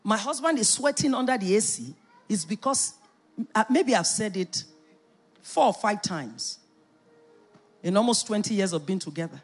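A middle-aged woman pastor preaching a sermon, emphatic and animated, with playful asides. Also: mid-range voice, normal speed, long pauses, breathy edge, soft background music.

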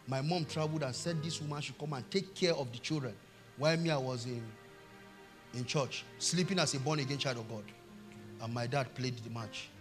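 A middle-aged Nigerian man preaching a sermon, telling a family story and swinging from hushed tones to shouts. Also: mid-range voice. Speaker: pastor.

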